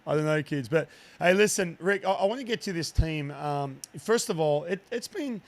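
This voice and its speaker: A man's voice: high-pitched, lively intonation, moderate pace. A man in his thirties hosting a podcast, chatting with enthusiasm and frequent restarts. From Australia. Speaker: podcast host, broadcaster. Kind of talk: casual interview chat.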